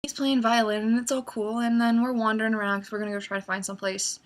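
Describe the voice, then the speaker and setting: A young woman tells a story to her vlog audience in a relaxed, chatty way. Her voice sits a little high, and she brings the story to life by acting out her own reactions. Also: quick pace. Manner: animated, acts out her own excitement with gasps and squeals. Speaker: vlogger.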